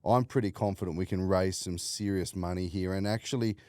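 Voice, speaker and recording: A man's voice: deep voice, fairly even intonation, fairly quick, dark tone, dry recording, studio quality. A man hosting a casual podcast interview, blunt, swearing freely and laughing a lot. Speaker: podcast host.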